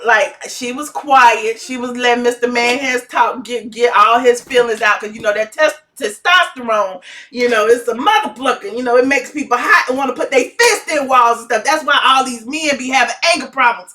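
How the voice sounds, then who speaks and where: A woman giving sassy, dramatic gossip commentary in a vlog, her voice swooping into high shouts. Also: far from the mic. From Atlanta, USA. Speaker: gossip vlogger.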